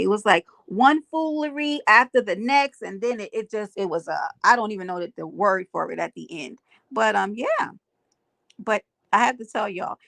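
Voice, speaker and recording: A woman's voice: medium pitch, creaky, fairly bright tone, dry recording. A woman hosting a live stream, chatting to her viewers, greeting commenters and telling stories. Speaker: livestream host. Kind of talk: casual gossip chat to viewers. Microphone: earphones with mic on a live stream.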